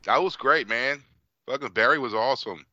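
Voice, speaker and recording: A man's voice: mid-range voice, normal speed, bright, forceful tone, no echo, dull audio. A man co-hosting a podcast, talking bluntly with plenty of swearing. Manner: blunt and profane. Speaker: podcast co-host. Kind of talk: casual chat.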